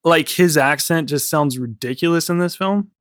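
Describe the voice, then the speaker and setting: A man chats casually as a podcast co-host, his voice sitting a little higher than most and recorded dry and close. He rambles, restarting his thoughts and leaning on "like" as filler. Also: normal speed, fairly bright tone, dry recording. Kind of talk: casual film chat.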